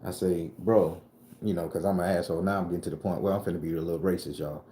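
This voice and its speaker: Deep-voiced man telling a story. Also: fast talker, roomy sound, a little hiss or hum. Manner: animated, profane, swings from calm to loud. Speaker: vlogger and tarot reader. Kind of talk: casual storytelling.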